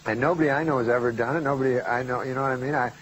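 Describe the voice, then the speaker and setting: Deadpan, rambling comedian on a noisy broadcast. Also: male voice, mid-range voice, very fast. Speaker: comedian guest. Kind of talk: talk show interview.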